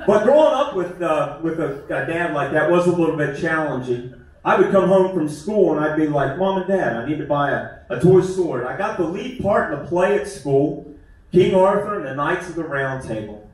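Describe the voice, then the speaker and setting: A man's voice: on the high side, expressive, normal speed. A man doing a self-deprecating, conversational stand-up comedy set on a theater stage. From West Virginia. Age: 50s. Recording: echoey theater from far off.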